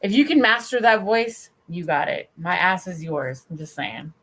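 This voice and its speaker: A woman's voice: lowish voice, lively intonation, normal speed, a bit bright. A woman hosting a casual livestream chat, rambling and bawdy as she talks with friends and the chat. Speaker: stream host.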